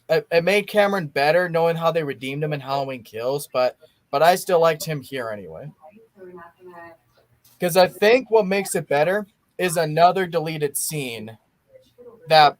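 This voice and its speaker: A young man chats through a movie watch-along in a rambling, eager way, often restarting his sentences. His voice sits a bit high. The sound is dry and close, with no room echo. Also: animated, unhurried, pauses often. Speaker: podcast host. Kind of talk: casual watch-along chat.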